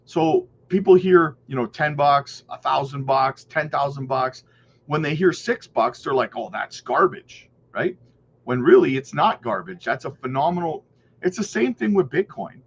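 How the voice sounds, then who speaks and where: A man's voice: fairly high pitch, animated, normal speed, muffled recording, a little hiss or hum. A man hosting a crypto channel, chatting casually, rambling a little and answering viewer questions. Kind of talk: casual livestream chat and news reading.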